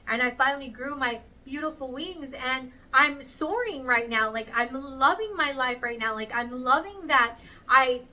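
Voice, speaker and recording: A woman in her thirties tells a story to camera in a casual, chatty way. Her voice is high and bright, and she jumps into the voices of the people she quotes. The mic sits a little away from her, with faint noise behind. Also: unhurried, recorded from a distance, poor audio. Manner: animated, acts out quoted voices. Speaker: vlogger.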